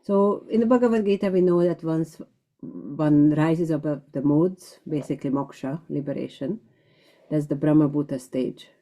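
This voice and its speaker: Low, mellow-voiced woman teaching a class. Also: moderate pace. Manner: explains terms step by step, frequent fillers. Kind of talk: scripture class lecture.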